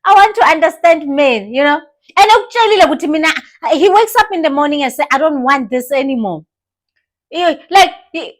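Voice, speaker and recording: A young woman with a South African accent giving animated, casual commentary, switching languages mid-sentence and laughing often. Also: very high voice, normal speed. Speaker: commentary vlogger.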